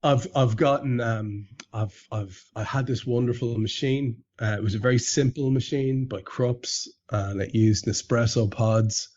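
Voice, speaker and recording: A man's voice: medium pitch, steady tone, measured pace, few pauses, darkish tone. A man hosting a casual podcast chat, often stammering and restarting his sentences and swearing offhandedly. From England. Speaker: podcast host. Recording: dull lo-fi podcast audio.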